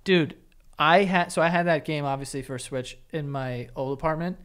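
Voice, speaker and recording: A man's voice: on the high side, normal speed, a bit bright, smooth. A man co-hosting a casual podcast, chatting loosely, swearing now and then and chiming in with jokes. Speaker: podcast co-host. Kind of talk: casual chat.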